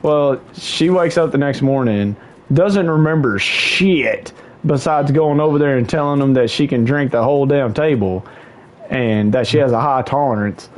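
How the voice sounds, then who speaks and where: Young male streamer, casual, profane storyteller, mid pitch, animated. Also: moderate pace. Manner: animated, swearing, slangy, jumps up in pitch for quoted voices. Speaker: livestream host.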